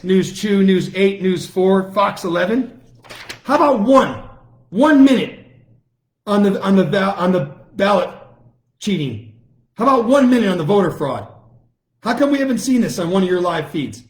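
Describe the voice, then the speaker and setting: A middle-aged man talks in a fairly high register, hosting his own show. He rants in a heated, combative way, firing off taunting challenges and repeating them over and over. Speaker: lawyer and online show host. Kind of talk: combative political monologue.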